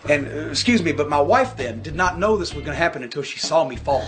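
Guy telling a wild story, swears a lot, kinda high voice, soft music behind. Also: fast talker. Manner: profane, animated anecdote-telling. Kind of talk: casual storytelling.

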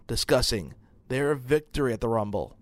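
A male show host narrating a recap in a measured way. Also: medium pitch, expressive, no room sound.

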